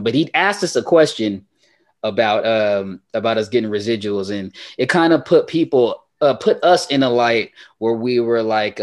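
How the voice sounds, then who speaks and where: A young man co-hosting a laid-back podcast. He talks loosely and laughs easily, with his voice at a middle pitch. He stretches out his greetings for hype. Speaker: podcast co-host. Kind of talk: casual podcast chat.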